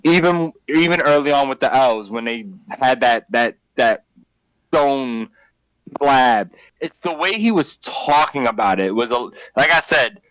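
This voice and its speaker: A man's voice: mid-range voice, lively intonation, measured pace, a bit bright, clean tone, dry recording, poor audio. A young man co-hosting a podcast, chatting casually and stumbling over restarts when eager. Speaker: podcast co-host. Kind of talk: casual chat.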